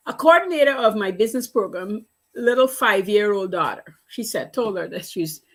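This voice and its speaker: A woman's voice: medium pitch, lively intonation, brisk. A woman business coach giving a motivational talk, telling stories in earnest, emphatic, repetitive phrases.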